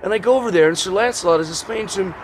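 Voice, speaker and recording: A man's voice: high-pitched, rapid-fire, a little hiss or hum. A man from Encino, California, telling rambling, profane comic stories outdoors on a city street. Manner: animated, profane, digressive. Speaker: vlogger.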